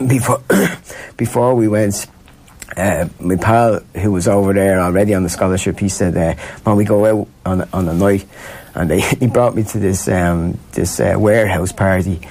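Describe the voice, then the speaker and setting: An Irish man spins a long anecdote, looping back on himself with restarts and quick laughs. His voice sits a bit low. It's an easy, casual interview chat. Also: a little mellow, breathy edge. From Ireland. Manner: rambling, laughs often, many restarts. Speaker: guest.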